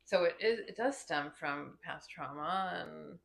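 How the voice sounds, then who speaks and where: A woman's voice: low-pitched, measured pace, vocal fry, crowd noise. A woman hosting a casual chat, giggling often and prompting her guest. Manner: giggly, encouraging interviewer. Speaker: podcast host.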